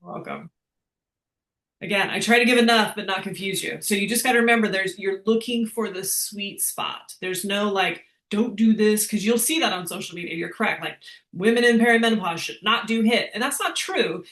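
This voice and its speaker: A woman fitness coach talks her class through a question in a chatty, upbeat way, laughing now and then as she explains. Her voice is bright and forward. The sound carries a roomy echo. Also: medium pitch, brisk. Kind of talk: live online fitness class with Q&A.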